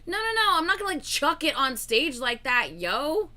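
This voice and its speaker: A woman co-hosting a casual reaction livestream, excitable, with loud exclamations and cursing. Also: sits high, moderate pace. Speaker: livestream co-host.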